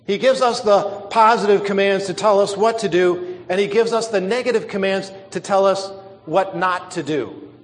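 A man's voice: high voice, big-room sound. A man preaching a sermon, stretching out and stressing key words for emphasis.

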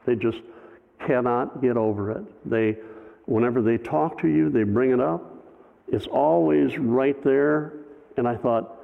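A man's voice: mid-range voice, unhurried, vocal fry. A man, a pastor, telling a personal story in a sermon, conversational with wry humor. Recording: phone-like, long hall reverb.

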